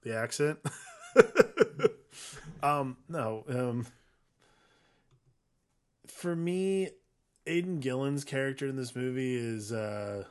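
A man co-hosting a podcast, talking about a film in a relaxed, wry way. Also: mid-range voice, slow, pauses often. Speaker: podcast co-host. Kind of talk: casual film discussion.

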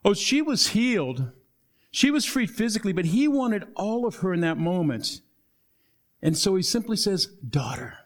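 A male pastor preaching a sermon, acting out Bible dialogue and dropping to soft low tones for emphasis. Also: sing-song, moderate pace.

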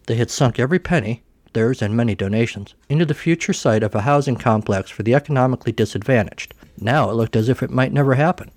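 A man narrating a comic story in a dry, deadpan manner, shifting his pitch for each character. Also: fast talker, dry recording. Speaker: podcast host reading a story.

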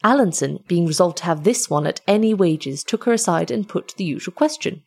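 Storyteller, female, low breathy voice, measured and expressive reading of an old tale.

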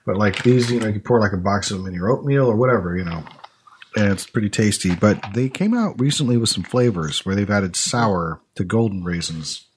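A man's voice: fairly low pitch, expressive, brisk, slight background noise. A man hosting a casual chat, thinking aloud and musing with fillers as he tastes snacks. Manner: chatty, thinks aloud with fillers while eating. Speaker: podcast host tasting snacks.

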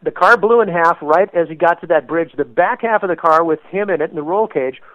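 A man guest telling a story in an animated way, acting out quotes with sudden loud bursts, as a race car paint designer. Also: fairly high pitch, brisk, dry recording. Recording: tinny phone-like line, dry.

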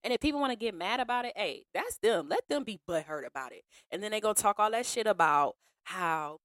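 A woman hosting a podcast in a casual monologue, frank and slangy, acting out other people in an animated way. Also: medium pitch, fairly quick, few pauses, no room sound, studio quality. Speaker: podcast host.

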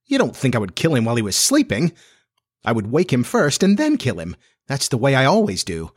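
A man voicing a bold, boastful boy leader in a storybook reading, brisk and sharp. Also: lowish voice, lively intonation, husky.

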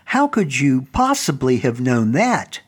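A man's voice: medium pitch, very animated, unhurried, slightly rough. A man hosting a show, narrating a first-person story in an earnest, conversational way. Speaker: storytelling host and historical reenactor.

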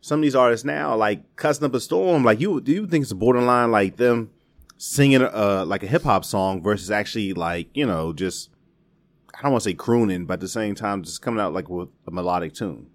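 Low-voiced man musing on music, dry sound. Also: brisk, no echo. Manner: thoughtful, builds points with many fillers. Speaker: podcast co-host. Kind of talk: casual chat.

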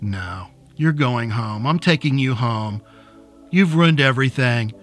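A man's voice: medium pitch, lively intonation, unhurried, a bit bright, faint music behind. A man playing a volatile, accusing middle-aged man. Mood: sobbing. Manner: bitter, accusing. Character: volatile, abusive middle-aged man, raging then sobbing.

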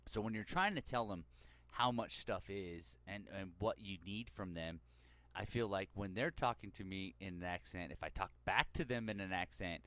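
A man's voice: low-pitched, moderate pace, bright, forceful tone, no room sound. A man in his forties co-hosting a casual podcast, rambling and laughing as he tells stories. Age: 40s. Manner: rambling, laughs a lot, slips into mock accents. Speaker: podcast co-host. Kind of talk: casual chat.

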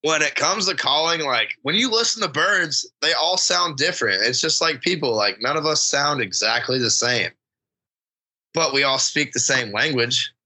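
A man co-hosting a casual hunting chat, rambling and animated, acting out what he said to himself along the way. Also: on the high side, moderate pace, rough recording. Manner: rambling, animated, acts out quotes. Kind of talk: casual chat about duck calling.

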